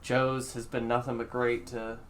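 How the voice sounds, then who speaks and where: A man hosting a relaxed podcast conversation, his medium-pitched voice full of "like" and "um" as he thinks aloud. He restarts sentences and wanders toward his point. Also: unhurried, slight background noise. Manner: hesitant, filler-heavy, thinking aloud. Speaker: podcast host. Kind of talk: casual chat.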